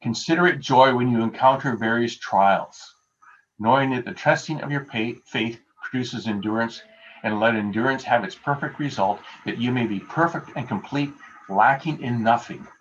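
A man's voice: mid-range voice, normal speed, muffled recording, slight background noise. A man preaching a sermon as pastor, earnest and emphatic, repeating key phrases for weight.

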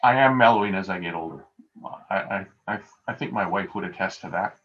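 A man's voice: low voice, a little fast, a bit bright. A male pastor giving a conversational sermon over a video call, telling everyday stories with a self-deprecating touch. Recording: dull lo-fi video call audio.

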